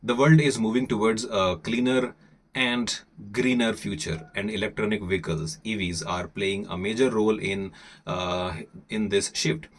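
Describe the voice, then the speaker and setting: Man, Indian accent, English teacher, deliberate read-aloud, pauses and hesitations, lowish pitch. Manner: deliberate reading with frequent hesitations. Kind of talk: reading an article aloud for learners.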